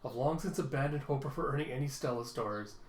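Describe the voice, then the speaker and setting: A man voicing a calm, calculating spy father who plans in a measured, methodical way. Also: mid-range voice, close to an everyday voice. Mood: scheming. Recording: echoey room.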